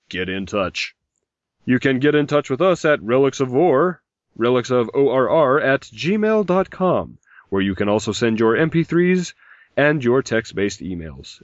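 A man's voice: mid-range voice, no room sound. A man hosting a podcast, rambling from one joke to the next while he reads out listener messages. He mentions a mild migraine. The recording is dry and close, with a dull, lo-fi sound. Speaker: podcast host. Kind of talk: casual podcast chat.

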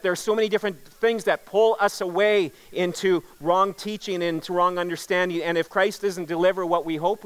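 A man's voice: high voice, fairly bright tone, smooth. A man preaching a sermon as pastor, earnest and emphatic, repeating key words for weight.

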